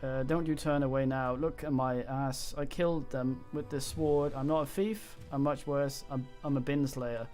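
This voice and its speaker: A man's voice: medium pitch, steady tone, moderate pace, hardly any pauses, darkish tone, soft background music, close to an everyday voice. A man voicing a proud, angry exiled female barbarian from a game, reading the lines plainly in his own voice with slips. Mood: defiant. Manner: reads dialogue aloud, stumbles on words.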